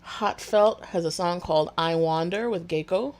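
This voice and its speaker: Co-host, woman: somewhat low voice, plain matter-of-fact delivery, casual chat. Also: normal speed, darkish tone. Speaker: podcast co-host.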